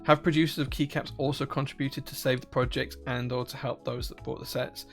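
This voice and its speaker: A Northern Irish man with a gravelly, mid-pitched voice, talking casually to viewers on a live stream. He rambles, restarts sentences and fills pauses with "um" as he thinks aloud. Faint music plays quietly in the background. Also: flat delivery. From Northern Ireland. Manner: rambling, many restarts and fillers. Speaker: livestream host. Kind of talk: casual live-stream chat, reading chat questions.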